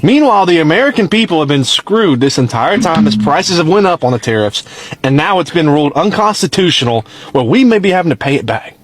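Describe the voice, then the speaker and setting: A man with a fairly high, swinging voice venting bitterly. He sounds fed up, and his voice comes across close and dry. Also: very animated, a little fast, no echo. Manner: exasperated and bitter. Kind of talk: frustrated video rant.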